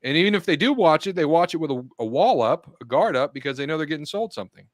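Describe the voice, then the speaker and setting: A man co-hosting a podcast, explaining marketing ideas in a steady, matter-of-fact way. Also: a little high, fast, dry recording, clean studio sound. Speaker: podcast co-host. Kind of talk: casual round-table chat.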